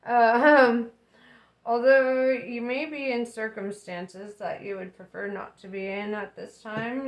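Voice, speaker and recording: A young woman giving a casual tarot reading, chatty and relaxed, with plenty of fillers and frequent laughter. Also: fairly high pitch. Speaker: tarot reader.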